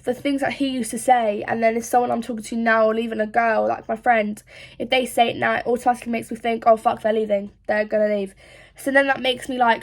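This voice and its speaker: A woman's voice: on the high side, vocal fry. A young woman from England, chatting frankly in a rambling, casual way and swearing often. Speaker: social media creator. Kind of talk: casual confessional chat.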